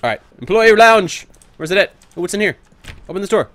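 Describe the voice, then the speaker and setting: A man giving excitable let's play commentary, whooping, joking and swearing as he plays. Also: high-pitched, fairly quick, dry recording. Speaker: gamer.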